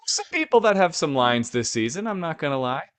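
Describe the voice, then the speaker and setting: Smooth-voiced man in easygoing chat. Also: a little high, big pitch swings, a little fast, fairly bright tone. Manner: easygoing, jokey, filler-heavy. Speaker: podcast co-host. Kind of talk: casual chat.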